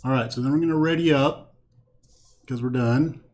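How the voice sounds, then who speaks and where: A man's voice: medium pitch, normal speed, darkish tone. A man hosting a solo card game playthrough, thinking aloud as he counts cards and weighs each move from a home setup with a green screen. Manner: thinks aloud, counts cards, talks himself through choices. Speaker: host playing a card game.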